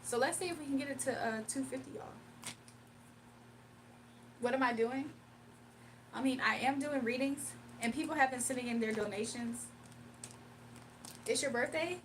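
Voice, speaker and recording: A woman's voice: sits high, normal speed, pauses often. A woman hosting a casual livestream. She speaks, laughing often and reading viewers' chat messages aloud. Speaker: livestream host doing readings. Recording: a bit distant from the mic, faint room noise.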